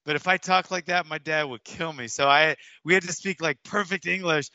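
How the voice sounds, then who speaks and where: A man's voice: fairly high pitch, fairly even intonation, a little fast, sharp tone, dry recording. A man in his fifties from Hawaii, a martial arts coach telling stories in a casual interview with many restarts. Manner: rambling, with many restarts and fillers. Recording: dull, dry, lo-fi sound.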